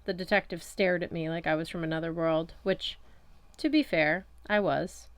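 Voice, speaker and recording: A woman with a lowish, steady voice reads a first-person story aloud. Her delivery is wry and conversational. The recording is close and dry with no room sound. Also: normal speed, no echo. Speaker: audiobook reader. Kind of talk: first-person audiobook narration.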